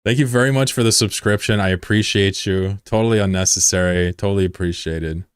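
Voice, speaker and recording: A man with a Mid-Atlantic American accent who streams a game and chats casually in a plain, monotone way while reading viewer messages. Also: sits low, fairly quick, smooth, dry recording, studio quality. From United States. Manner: self-described monotone, plain and laid-back.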